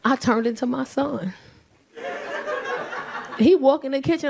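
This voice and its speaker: On a comedy stage before a live audience, a woman tells brash, bawdy stories and acts out voices in her stand-up set. Her voice sits high, a little slow and creaky, with background noise and audience laughter.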